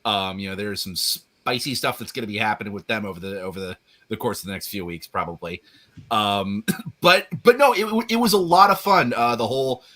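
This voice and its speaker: A man's voice: lowish voice, brisk, fairly bright tone. A man co-hosting a live chat show, hesitant and full of restarts. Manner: hesitant, many ums and restarts. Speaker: co-host. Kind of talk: casual chat.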